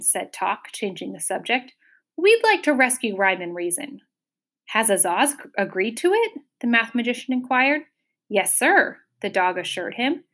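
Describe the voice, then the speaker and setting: A woman reading a children's novel aloud, giving the characters expressive voices. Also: mid-range voice, moderate pace. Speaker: audiobook reader. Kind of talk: storybook reading.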